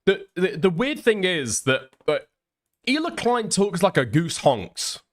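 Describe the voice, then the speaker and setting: A man's voice: high voice, sing-song, a little slow. Profane laughing man reacting to clips. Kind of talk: casual reaction commentary.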